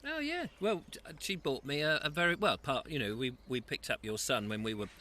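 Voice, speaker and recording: This host's voice is fairly high, animated, fairly quick, and pushed and bright. He's streaming casually from an allotment outdoors on a lapel mic, talking and reading viewers' comments aloud in between bites.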